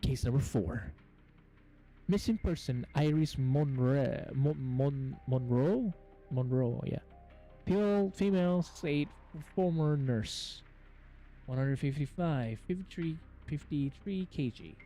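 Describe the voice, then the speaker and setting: A man's voice: medium pitch, slow pace, dark tone, soft background music, rough recording. A man hosting gameplay commentary, reading on-screen game text aloud and stumbling over words as he goes. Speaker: gaming channel host.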